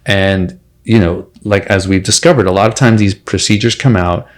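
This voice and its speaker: A man's voice: deep voice, fairly even intonation, normal speed. A man hosting a casual podcast interview, speaking earnestly and in a friendly way to a fellow surgeon. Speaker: podcast host, plastic surgeon.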